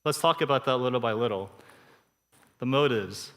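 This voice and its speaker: A man, preaching a sermon in a relaxed, conversational way and telling personal stories with animated asides. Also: medium pitch, normal speed. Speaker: pastor. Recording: church hall with long reverb.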